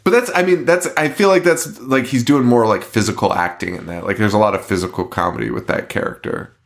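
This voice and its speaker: A man's voice: fairly low pitch, a little fast. A man hosting a podcast in casual chat, swearing a lot and laughing often as he rants. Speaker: podcast host.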